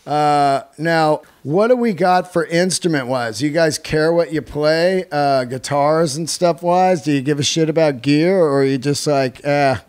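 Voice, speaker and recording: An excitable male podcast host rambles through a casual interview. His voice sits a little high. He swears freely and gushes about his guests. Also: measured pace, few pauses, clear, resonant tone.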